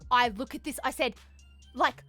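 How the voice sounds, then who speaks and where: A woman with an Australian accent, streaming and telling a story to her chat in a casual, animated way, swearing freely and acting out what people said. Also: high voice, normal speed, faint music behind.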